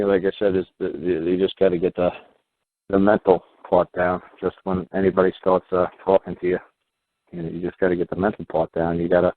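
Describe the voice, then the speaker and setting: Deep-voiced man on a tinny line. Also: creaky, no echo. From United States. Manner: rambling and emphatic, many "you know"s and restarts. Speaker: talk show host explaining his legal views. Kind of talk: casual explanatory talk with a caller. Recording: phone-like line with faint hiss.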